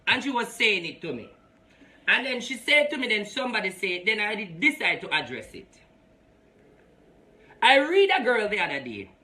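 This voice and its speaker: Very high, bright-voiced man. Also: big pitch swings, moderate pace, long pauses. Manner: emphatic, preachy, mixes patois with English. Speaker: spiritual advisor and show host. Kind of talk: live reading show monologue.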